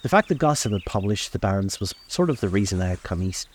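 Deep-voiced man reading a story aloud. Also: sing-song, fast talker. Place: outdoor deck by a lake.

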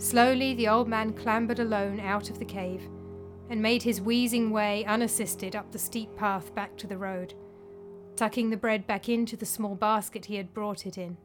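A woman reading a story aloud in a calm, measured storytelling style. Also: mid-range voice, over music. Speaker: narrator. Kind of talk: storytelling narration.

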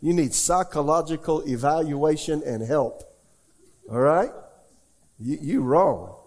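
In a slow, slightly high voice, a middle-aged pastor answers questions during a conversational sermon. He's folksy and animated, telling stories and keeping his listeners engaged with rhetorical questions.

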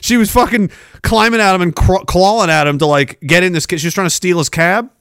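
A Canadian man in his forties, a podcast host telling wild stories in a profane, animated way, laughing often. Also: high-pitched, a little fast, clean tone, dry recording, studio quality. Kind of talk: casual storytelling.

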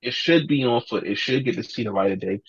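Husky guy telling a story, does everyone's lines, low voice, kinda muffled dry mic. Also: fast talker, no echo. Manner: animated, acts out quotes, swears freely. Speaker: podcast guest, sneaker collector. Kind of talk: casual storytelling.

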